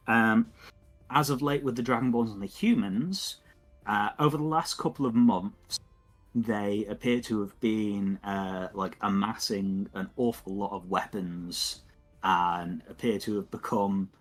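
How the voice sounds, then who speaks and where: A man's voice: fairly low pitch, slow, soft background music. A man running a tabletop game as game master, narrating in a meandering way and searching for words.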